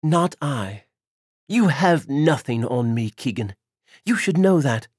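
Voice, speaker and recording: A man's voice: mid-range voice, animated, slow, breathy edge, no room sound, studio quality, voice pushed up. A man voicing a cold, defiant female vampire, centuries old, with a taunting, mocking manner.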